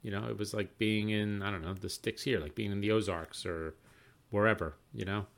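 A middle-aged man co-hosting a podcast, chatting casually and telling stories with lively exclamations. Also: fairly low pitch, brisk, vocal fry. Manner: animated storyteller, exclaims often. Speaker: podcast co-host. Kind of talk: casual chat.

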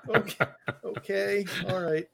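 A man's voice: high-pitched, fairly even intonation, measured pace, vocal fry, a bit bright. A man in casual chat about a TV series, eagerly retelling favorite scenes with plenty of laughter.

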